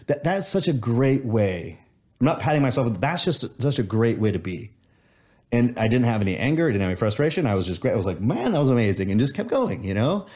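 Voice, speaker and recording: Low-voiced man telling a reflective story. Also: a little mellow. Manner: reflective, storytelling, many restarts. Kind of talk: casual conversation.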